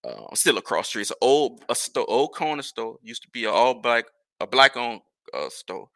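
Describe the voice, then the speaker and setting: Gravelly, animated New man. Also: medium pitch, moderate pace, no echo, clean studio sound. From New Orleans. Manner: rambling, animated, profane storytelling. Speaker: podcast host. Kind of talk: casual storytelling.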